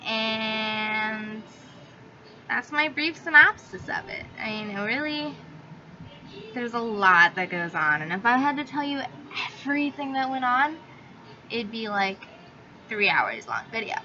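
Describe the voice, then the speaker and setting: Bright-voiced chatty young woman vlogger. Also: on the high side, sing-song, normal speed. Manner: chatty, filler-heavy, swears freely. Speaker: book reviewer. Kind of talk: casual book review vlog. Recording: slightly dull audio with faint hiss.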